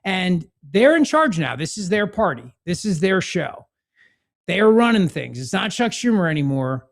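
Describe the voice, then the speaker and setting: A man's voice: high-pitched, sing-song, moderate pace, creaky. A man hosting a political talk show, sarcastic and mocking in tone. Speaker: podcast host.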